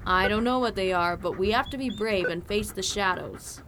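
A woman voicing a bold, bossy male roadrunner in an audiobook, brash and excitable. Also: mid-range voice, moderate pace, noisy background, close to an everyday voice. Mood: alarmed.

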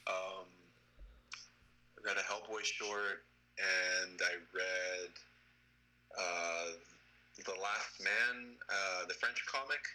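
A man being interviewed as a guest, answering in a relaxed, thoughtful way with many hesitations over a video call. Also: low-pitched, very slow, pauses often, poor audio. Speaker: guest, storyboard artist. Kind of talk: casual interview chat.

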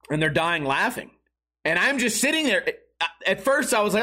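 A man with a high voice telling a funny story as a rant. His tone is bright and sharp, and his delivery is sarcastic and over the top, with plenty of swearing. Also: expressive, moderate pace. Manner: sarcastic, exaggerated, profane.

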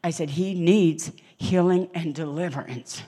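A middle-aged woman preaching to a church congregation, telling stories dramatically and acting out the voices of people she quotes, dropping to whispers and rising to loud exclamations. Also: on the low side, fairly even intonation, unhurried, slightly rough. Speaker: guest preacher. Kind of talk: animated sermon with storytelling. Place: church hall in front of a congregation.

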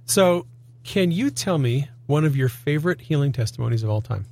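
A man hosting a faith talk show in a studio, chatting casually and dropping quick affirmations while his guest speaks. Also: fairly high pitch, expressive, gravelly, darkish tone. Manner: conversational, interjecting affirmations. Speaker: host. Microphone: studio mic.

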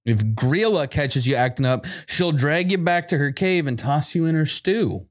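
A man's voice: on the high side, animated, normal speed. A man co-hosting a casual podcast who jokes around, laughs through his lines and reads out holiday legends. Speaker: podcast co-host.

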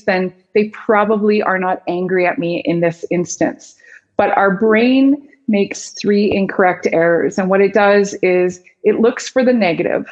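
A woman's voice: mid-range voice, lo-fi sound. A woman speaking as a guest expert in a conversational interview, telling stories and acting out the voices of people she quotes. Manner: animated storyteller, acts out quoted voices. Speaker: guest expert on body language.

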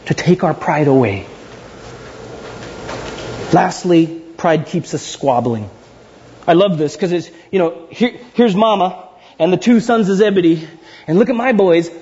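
A man preaching a sermon, animated and playful, with frequent asides and words repeated for emphasis, heard on a dull lo-fi recording. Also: a little high, a little hiss or hum. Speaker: pastor.

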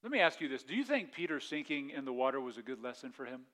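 A male pastor preaching a sermon, telling the story with lively acted-out panic and dropping to quiet, reflective asides. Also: mid-range voice, fast. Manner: animated storytelling, acts out the disciples' panic in a raised voice; drops to a quiet, soft delivery for reflective points.

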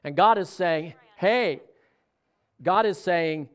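A man's voice: sits high, slow pace, smooth. A man preaching a sermon in a conversational way, often asking the congregation questions. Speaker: pastor.

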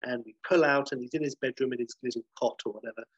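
Guy reading out his film pitch, rambly, swears a bit, husky voice, mid pitch. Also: steady tone, fast, dry recording, highs cut off. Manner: rambling, self-correcting, swears casually. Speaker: podcast host pitching a film idea. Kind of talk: casual storytelling, reading a script aloud.

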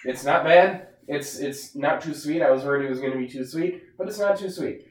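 A man's voice: a little high, fairly quick. A man co-hosting a podcast in casual chat, rambling and correcting himself as he reviews a drink. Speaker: podcast co-host. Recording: roomy, distant mic.

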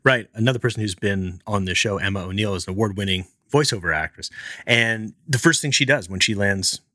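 A man hosting an interview show, affirming his guest and asking direct questions in a measured way. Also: lowish voice, bright, forceful tone, dry recording, clean studio sound. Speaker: podcast host. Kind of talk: interviewer in conversation.

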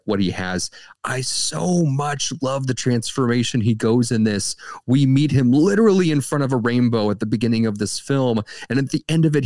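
A man's voice: medium pitch, a little mellow, no echo, studio quality. A man co-hosting a movie review show, talking in casual chat with enthusiasm, restarting phrases and swooping up for emphasis.

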